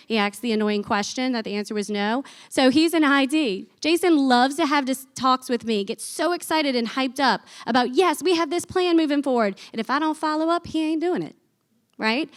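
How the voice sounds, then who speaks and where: A woman, giving an energetic, chatty business talk from a conference stage before an audience. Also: fairly high pitch. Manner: energetic, chatty, uses folksy phrases. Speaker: conference speaker.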